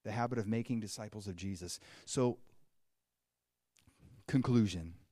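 A man preaching a sermon, telling a story with animated swings between hushed and excited delivery. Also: on the low side, a little slow, no room sound.

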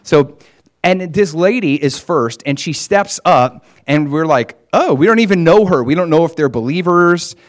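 A man casually recounting a ministry trip, growing animated and loud as the story builds. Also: normal speed. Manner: animated, gets loud and high when excited; frequent fillers and restarts. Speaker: traveling minister.

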